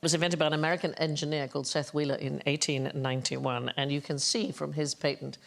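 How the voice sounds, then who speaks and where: A woman hosting a comedy quiz show, giving brisk instructions and explaining facts. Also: low-pitched, fairly even intonation, creaky. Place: TV studio.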